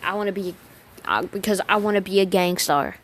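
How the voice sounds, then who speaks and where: A woman's voice: medium pitch, brisk, lightly acted. A woman voices an eager, earnest young male hero who wants to fight crime, barely changing from her own speaking voice. It sounds like plain quoting from a fan story rather than a real character performance.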